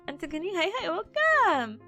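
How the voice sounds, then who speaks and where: With a very high voice that sounds pushed and bright, a twenty-something woman chats with viewers on a casual study stream, greeting them, going over notes and acting out patients. Bubbly and giggly, she laughs often between lines despite a slightly sore voice and an occasional cough.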